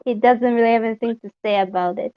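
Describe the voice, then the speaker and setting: A woman's voice: a little high, steady tone, fast, smooth, lo-fi sound. A woman playing a tabletop game, chatting casually and giggling through her lines. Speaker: player.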